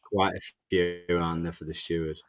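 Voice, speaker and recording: A man's voice: low voice, little pitch movement, normal speed. A man hosting a casual fan podcast, chatting and rambling with plenty of fillers. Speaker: podcast host. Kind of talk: casual chat. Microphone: clip-on microphone.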